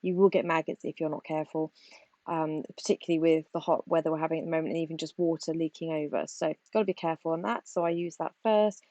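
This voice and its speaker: A woman's voice: sits low, steady tone, fast talker, dark tone, no echo, highs cut off. A British woman vlogging in her back garden, chatting and rambling as she explains her chores, recorded on a phone she holds while working. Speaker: vlogger and backyard poultry keeper. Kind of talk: casual chatty vlog. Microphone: phone held while working.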